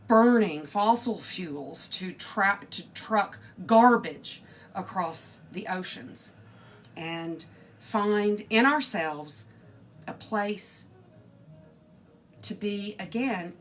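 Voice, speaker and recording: A middle-aged woman hosting a live home cooking stream from her kitchen, talking earnestly and chatting with viewers by name. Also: mid-range voice. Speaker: cooking show host.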